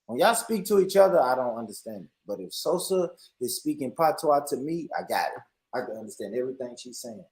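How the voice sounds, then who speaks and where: A man's voice: mid-range voice, expressive, quick pace, a little mellow, echoey room. An American man on a live stream, talking in casual banter, laughing and mocking himself, repeating his phrases.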